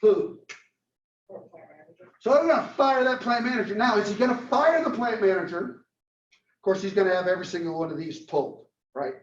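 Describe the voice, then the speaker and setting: A man lecturing a marketing class, telling a story and acting out its dialogue in a lively way. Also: high-pitched, moderate pace. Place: lecture room. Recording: roomy, distant, dull classroom recording.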